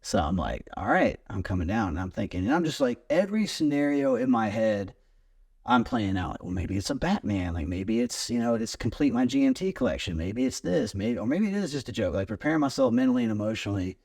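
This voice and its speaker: A man as a podcast guest, telling a long story in a lively, rambling way and swearing freely. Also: mid-range voice, fairly quick. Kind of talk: casual storytelling chat.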